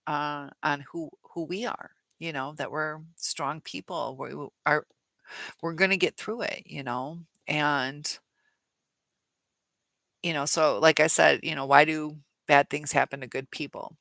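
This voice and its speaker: A woman's voice: sits low, creaky, a bit bright, no room sound. A woman hosting a live chat Q&A, reading viewer comments aloud and answering them in a chatty way with many fillers. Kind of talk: casual live-stream chat.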